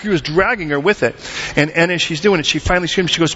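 Middle-aged male pastor, lively sermon storyteller, dull recording. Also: fairly high pitch, fast, slight background noise. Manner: animated storytelling, acts out voices.

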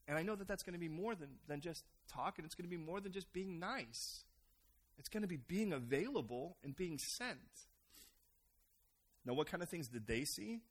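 A middle-aged American man preaching a sermon as pastor, animated and acting out other people's voices. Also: a little high, moderate pace, breathy edge. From United States.

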